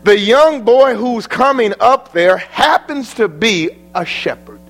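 American preacher, folksy, high voice, sweeping dramatic delivery. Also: male voice, lively intonation, slow pace, fairly bright tone, faint music behind, poor audio. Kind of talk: sermon.

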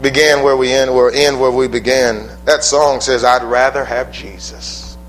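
A man preaching a sermon in a church, with emphatic call-and-response, swinging from loud exclamations to soft pleas. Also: mid-range voice, fairly even intonation, measured pace, soft background music, poor audio. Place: church building.

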